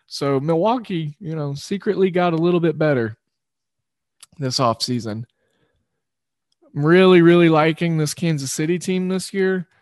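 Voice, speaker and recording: A man's voice: on the high side, clean tone, no echo, studio quality. A man hosting a sports betting show, rambling loosely through picks and correcting himself as he goes. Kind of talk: casual sports betting talk.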